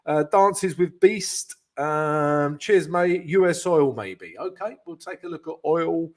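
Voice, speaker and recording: A man's voice: a little high, expressive, slow pace. Upbeat British man hosting a trading stream. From Britain. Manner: chatty and upbeat, greets viewers by name; explains chart analysis with frequent fillers. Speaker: trading coach and live stream host. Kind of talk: live stream chat and market analysis.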